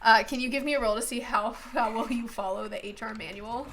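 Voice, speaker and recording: A woman running a tabletop role-playing game as game master, narrating scenes in an animated, laughing way. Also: a little high, fairly quick, creaky, a loud crowd. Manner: animated storyteller who laughs often.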